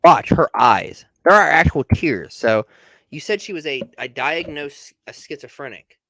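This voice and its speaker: Guy doing reaction commentary, blunt and casual, keeps restarting words, bright punchy voice. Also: on the high side, expressive, measured pace, no room sound. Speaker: commentary host.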